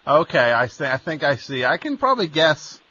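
Sarcastic radio host guy, bright voice, stammers a lot, kinda dull lo-fi sound. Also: a little high, very animated, a little fast, husky, no room sound. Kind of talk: radio call-in chat.

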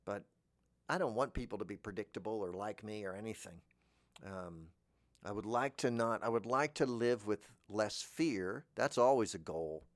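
A man hosting a podcast, musing in a meandering deadpan monologue that trails off into mumbles. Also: normal speed, no echo, studio quality. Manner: jumps into high squeaky voices for imagined speakers. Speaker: podcast host. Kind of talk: rambling comic monologue.

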